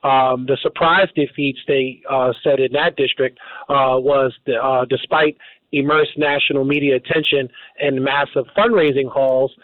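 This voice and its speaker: A man's voice: medium pitch, steady tone, normal speed, no echo. A man hosting a call-in radio show, taking calls and often stumbling and restarting over words. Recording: narrow phone-like radio audio.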